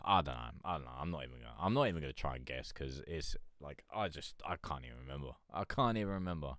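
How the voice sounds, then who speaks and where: Man, casual stream chat, rambling and joking, animated, smooth tone. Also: a bass voice, fast talker, no echo, clean studio sound. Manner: rambling, joking, swears, laughs a lot. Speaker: music review streamer.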